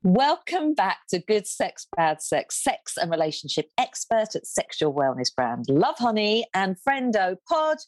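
A woman hosting a casual podcast, brisk and playful and quick to laugh. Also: mid-range voice, very animated, no echo, faint music behind. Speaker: podcast host.

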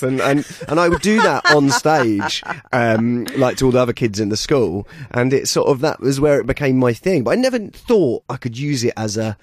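Lively young man, quick impressions. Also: mid-range voice, no room sound. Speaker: impressionist guest. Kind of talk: casual interview chat.

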